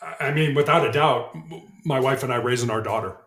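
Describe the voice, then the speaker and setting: A man's voice: mid-range voice, brisk, a bit bright. A middle-aged man, a motivational speaker and guest on a podcast, telling stories in an earnest way and often repeating words as he starts a sentence. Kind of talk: conversational storytelling interview. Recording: roomy echo.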